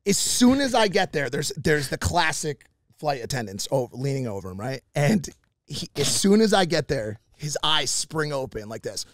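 Animated swearing male storyteller. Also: on the high side, normal speed, dry recording, studio quality. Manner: animated, swears a lot, acts out quotes. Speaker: podcast host telling a story. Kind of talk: animated storytelling, casual chat.

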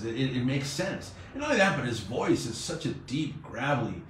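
A male radio host spins a story in a lively way, slipping into the voices of the people he quotes. His voice sits in a roomy studio. A faint hiss runs under it. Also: a little high, brisk.

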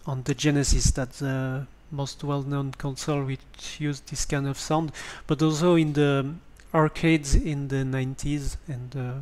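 A man with a French accent giving a hesitant spoken tutorial on a basic microphone, pausing often with ums and restarts. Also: mid-range voice, flat delivery, darkish tone. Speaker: tutorial presenter.

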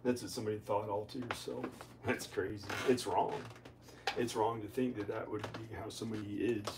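A man's voice: fairly low pitch, steady tone. Rambling man with a noisy home recording. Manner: rambling, halting, repeats himself. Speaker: vlogger. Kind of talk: rambling casual vlog. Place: home kitchen.

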